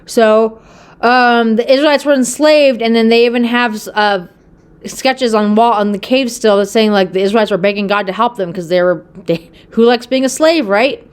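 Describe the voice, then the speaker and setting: A woman's voice: fairly high pitch, moderate pace, clear, resonant tone. A woman casually retelling a Bible story on her channel. She rambles, with lots of fillers and a tag question of "okay?". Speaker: Bible video host.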